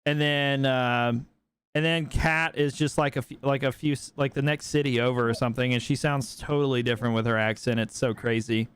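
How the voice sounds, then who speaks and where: A man's voice: mid-range voice, fairly even intonation, brisk, a bit bright, clean tone, no echo. A man hosting a casual podcast, joking and bantering with his guests. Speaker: podcast host. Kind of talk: casual chat.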